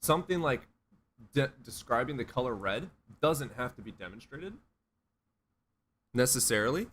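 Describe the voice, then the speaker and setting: A man streaming casual commentary into a desk USB microphone. His delivery is blunt and sarcastic, with profanity, and his pitch moves a lot. A faint hiss sits underneath. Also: very animated, normal speed, fairly bright tone.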